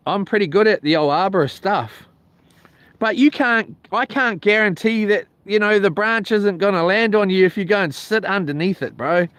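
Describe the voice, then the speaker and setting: A man's voice: high voice, no echo. Rambling New man, lakeside. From New Zealand. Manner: rambling, colloquial, mimics others loudly. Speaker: vlogger. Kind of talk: casual storytelling. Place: outdoors by a lake.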